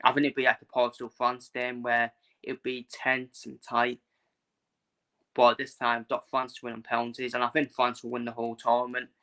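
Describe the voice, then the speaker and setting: A man from England talks football with a bright, forceful voice, hammering the same points again and again. He speaks bluntly and emphatically, like a vlogger ranting to his viewers. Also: medium pitch, monotone, moderate pace. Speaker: football channel host. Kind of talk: casual ranting match preview.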